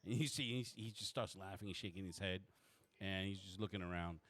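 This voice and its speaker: A man narrating a tabletop game as game master, with many halting restarts. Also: deep voice, fairly bright tone.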